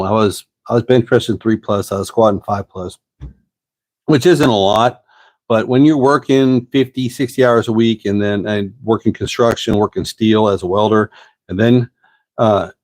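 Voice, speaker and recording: Host in his fifties, folksy and rambling, low voice, dry close sound. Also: darkish tone, no room sound. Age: 50s. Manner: rambling, folksy, drawn-out pauses. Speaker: host answering live chat questions. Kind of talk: casual live-stream chat.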